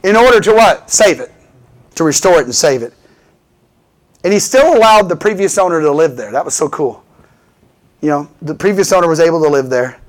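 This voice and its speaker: A male preacher delivering an animated sermon, calling for responses and asking for "Amen" again and again. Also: a little high, fairly quick, long pauses. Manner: animated, fervent, repeatedly asks for "Amen".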